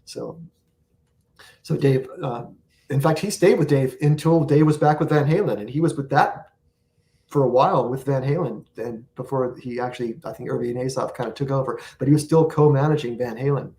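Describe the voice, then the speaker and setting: A man's voice: medium pitch, normal speed, mellow. A man as the guest on an interview show, telling long rambling anecdotes and acting out what people said. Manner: rambling anecdotes with acted-out quotes. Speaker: guest musician. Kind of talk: storytelling interview.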